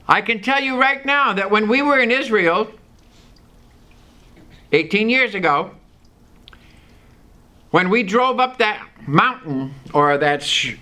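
A man's voice: high voice, animated, slow pace, pauses often, sharp tone. A man teaching a Bible study, reading scripture aloud and explaining it with questions to his listeners.

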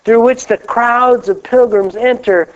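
A middle-aged man from Kansas preaching a lively, joking sermon, reading scripture aloud slowly and with emphasis. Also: very high voice. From Kansas, USA. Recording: dull lo-fi live recording.

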